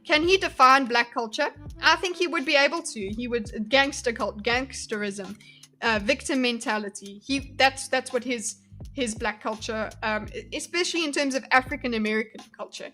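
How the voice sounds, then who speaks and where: Woman commentator, from spain, bright voice, fairly high, casual reaction talk, faint music underneath. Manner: chatty, swears, laughs, gets heated. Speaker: video commentator.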